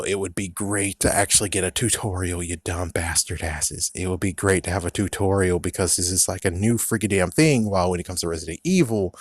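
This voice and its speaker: A man's voice: low-pitched, dry recording, clean studio sound. A young man in a profane, angry rant reviewing a video game, mocking its designers in put-on voices. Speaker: gaming vlogger.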